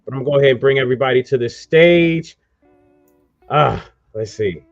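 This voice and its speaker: A man's voice: mid-range voice, a little fast, no room sound, lo-fi sound, soft background music. A man hosting a casual online radio talk show, rambling loosely through promos and introductions. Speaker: host.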